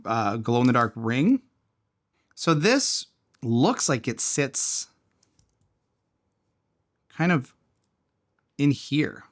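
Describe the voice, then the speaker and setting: A man casually reviewing and taking apart a small fidget toy, thinking aloud as he tinkers. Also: mid-range voice. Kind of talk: casual product teardown.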